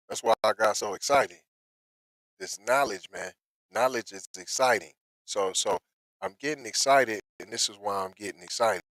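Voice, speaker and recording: Excitable slangy man on a dry close mic. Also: mid-range voice, moderate pace, dry recording, rough recording. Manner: animated, slangy, breaks into excited outbursts. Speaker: commentator reading news. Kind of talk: casual reaction commentary.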